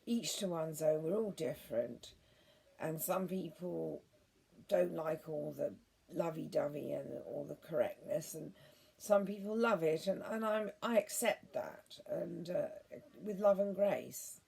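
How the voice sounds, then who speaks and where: Very husky, gravelly woman vlogger. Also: low voice, a little slow. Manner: gentle, earnest, meandering with many restarts. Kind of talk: rambling monologue to viewers.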